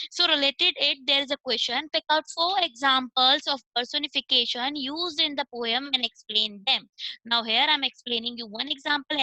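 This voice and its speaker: Indian lady teacher, online class, high voice, dry close sound, keeps saying okay and switching to hindi. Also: bright, forceful tone, no room sound, rough recording. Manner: explains step by step, switching between English and Hindi, checks with "okay".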